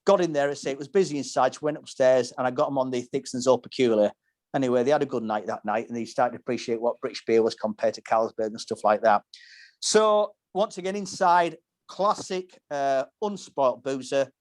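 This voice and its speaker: A man's voice: medium pitch, a little fast. Rambling male pub-podcast host. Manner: rambling, descriptive storytelling with frequent restarts. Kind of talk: casual pub-talk podcast.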